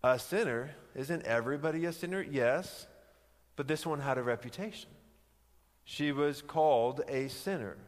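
A man's voice: a little high, normal speed. A man preaching a sermon, teaching conversationally with emphatic rhetorical questions. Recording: long hall reverb.

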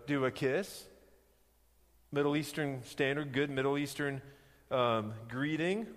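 A man preaching a sermon, telling a scripture story with lively emphasis, acting out the quoted lines and slowing down to stress key words. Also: mid-range voice. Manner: frequent restarts, slows down for emphasis. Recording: long reverb of a large hall.

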